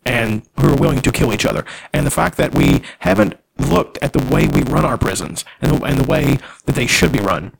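A man's voice: mid-range voice, a little fast, vocal fry, hardly any pauses, a little hiss or hum, rough recording. A man co-hosting a podcast, trading crude jokes with a friend and laughing often. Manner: profane, joking, laughs often. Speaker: podcast co-host. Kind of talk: casual crude banter.

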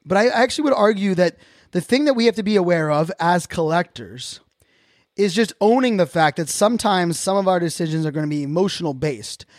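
Hosting a casual solo podcast, a man speaks briskly and expressively in a high-sitting voice, recorded with no room sound at studio quality. He is earnest and openly reflective, talking in loose sentences that he keeps restarting and correcting.

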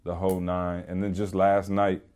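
A man with a fairly low speaking voice chats on a podcast, spinning a long anecdote. He talks casually and animatedly, with plenty of fillers along the way. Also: moderate pace, clean tone. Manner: animated, rambling with many "you know" and "like" fillers. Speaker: podcast co-host. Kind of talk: casual storytelling chat.

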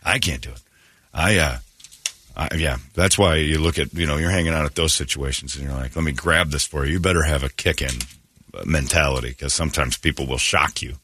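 A man hosting a morning radio show, telling self-mocking stories in casual chat and acting out quotes loudly. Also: a bass voice, brisk, slightly rough, no echo. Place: radio studio. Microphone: studio microphone.

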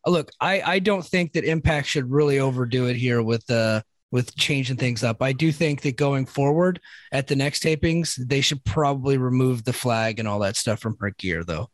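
A man talking loosely through a wrestling recap, full of fillers and easy laughs. His voice sits at an ordinary middle pitch. The sound is close and dry, with no room around it. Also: moderate pace, no room sound. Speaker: podcast co-host recapping wrestling. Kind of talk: casual chat.

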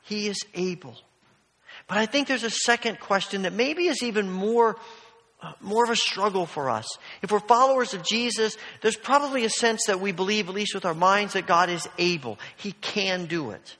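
A man's voice: high-pitched, normal speed, pushed and bright. A man preaching a sermon in a church, telling stories in a conversational way full of asides. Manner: storytelling, conversational, many asides. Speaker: pastor. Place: church sanctuary. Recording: long hall reverb.

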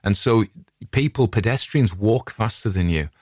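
A man's voice: lowish voice, moderate pace, darkish tone, dry recording, studio quality. A middle-aged English man chatting casually, a digressive and friendly storyteller who hosts his own show. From England. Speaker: podcast host. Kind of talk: casual rambling chat.

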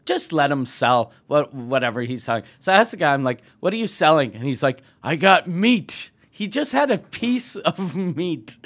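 A man telling a profane comic road story as a podcast guest, animated and laughing often. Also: fairly high pitch, moderate pace, few pauses. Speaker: comedian guest.

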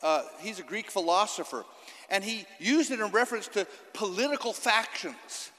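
A high-voiced man preaches a sermon to his church. He is impassioned, building to loud, emphatic declarations. His voice rings with the long reverb of a church hall. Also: lively intonation, normal speed. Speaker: pastor.

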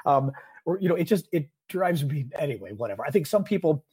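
A middle-aged man co-hosting a podcast, talking politics in a casual, exasperated, animated way. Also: a little high, breathy edge. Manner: animated, exasperated, quick asides. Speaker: podcast co-host.

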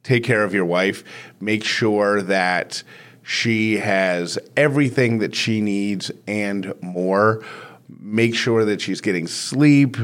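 A man with a fairly low voice sends a recorded message full of fatherly advice. He speaks earnestly and lets his emotion show. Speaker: guest giving parenting advice.

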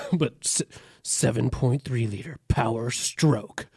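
Animated man with a lively voice. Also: mid-range voice, slow, vocal fry, slightly rough, no echo, studio quality. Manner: animated, laughs often, slips into voices. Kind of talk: casual joking chat about trucks.

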